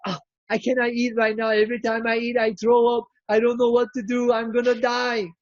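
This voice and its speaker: A man's voice: extremely high pitch, completely flat delivery, a little fast, no room sound, voice pushed up. A man voicing an anxious woman cancer patient who pleads in a fretful, whiny way. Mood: worried. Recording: dull lo-fi recording.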